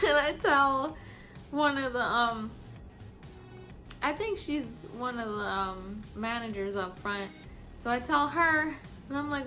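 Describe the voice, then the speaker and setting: Tipsy young woman vlogger, higher voice, rants and laughs through a work story to camera. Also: takes it slowly, long pauses, bright, forceful tone, faint music behind. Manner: laughing often, swearing, acting out coworkers' lines. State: tipsy from drinking.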